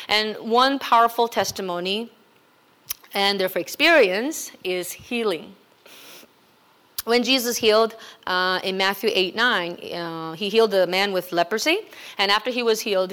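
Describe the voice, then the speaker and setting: A woman's voice: mid-range voice, a bit bright. Woman, pastor, sermon, conversational, emphatic exhortation.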